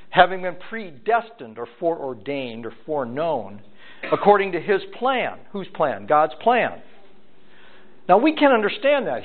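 A fairly high-voiced man teaches through a scripture passage with animated energy. He acts out the characters as he reads and doubles back on his words while explaining. The recording sounds thin and tinny, like a phone line. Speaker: Bible teacher. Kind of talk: expository Bible teaching.

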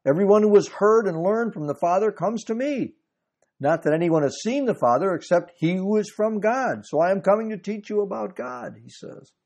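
A man's voice: high voice, lively intonation, normal speed, vocal fry, a little mellow. A man preaching a sermon, reading scripture aloud and explaining it, with emphatic swells in his delivery.

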